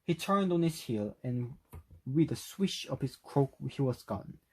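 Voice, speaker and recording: A man whose first language is Korean reading a novel aloud for speaking practice, at a careful, steady pace. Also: medium pitch, a little slow, husky, poor audio. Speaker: reader.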